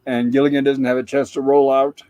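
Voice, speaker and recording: A man's voice: medium pitch, little pitch movement, brisk, warm tone, no room sound, highs cut off. A man hosting a show, chatting casually as he retells the plot of an old TV episode. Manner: chatty, plain storyteller. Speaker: show host.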